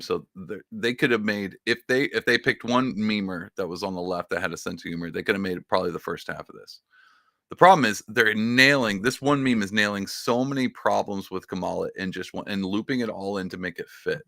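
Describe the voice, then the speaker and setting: On a political commentary show, a male podcast host with a lowish, creaky voice talks emphatically and gets fired up. He is excitable, often restarting his sentences as he works himself up. The studio sound is clean, with no echo.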